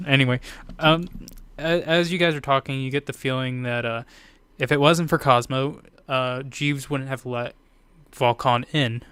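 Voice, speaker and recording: A man works as game master, narrating a tabletop game in a halting way and often correcting himself mid-sentence. His voice is smooth and resonant, recorded close and dry. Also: mid-range voice, fairly even intonation, a bit bright, dry recording.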